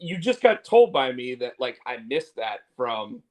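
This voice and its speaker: A male co-host of a casual talk show speaks in a mid-range, sing-song voice at a measured pace, on a low-quality recording. His chat rambles through restarts, repeated words, and fillers, candid and laced with swearing.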